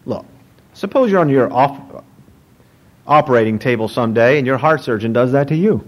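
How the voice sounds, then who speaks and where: A man, a pastor, preaching a sermon in an animated, joking storytelling manner. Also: mid-range voice, normal speed, rough recording.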